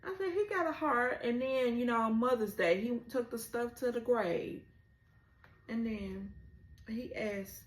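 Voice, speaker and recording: Slow-talking emotional woman recapping a show. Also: a little high, roomy sound. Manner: emotional, retelling scenes with rising exclamations. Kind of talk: casual episode recap.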